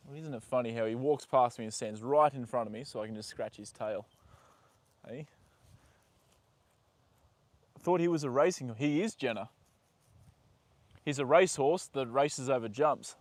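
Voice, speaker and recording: A young man live-streaming from a horse paddock, chatting with viewers and talking softly to his horse. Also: medium pitch, normal speed, long pauses, no echo. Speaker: livestream host. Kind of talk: casual live stream chat.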